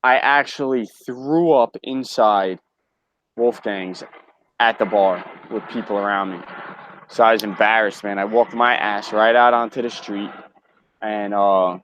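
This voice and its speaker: A man hosting a podcast, telling a story in a casual, animated way and swearing a lot. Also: fairly low pitch, measured pace, a little hiss or hum, rough recording.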